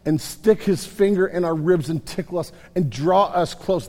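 Pastor, male, higher register, animated conversational delivery with restarts; hall reverb. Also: moderate pace, few pauses. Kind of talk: sermon.

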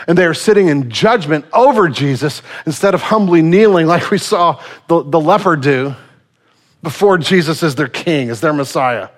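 A male pastor preaching a sermon in a casual, animated storytelling manner. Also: on the high side, normal speed.

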